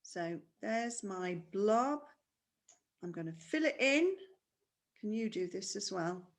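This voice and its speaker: A woman's voice: mid-range voice, expressive, takes it slowly. A woman teaching a primary school music lesson online, patient and explaining step by step with questions.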